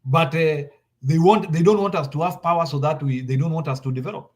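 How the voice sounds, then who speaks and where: Insistent Kenyan man, pitch on the high side. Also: brisk. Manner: insistent, repeats points, switches into Swahili. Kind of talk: heated political talk.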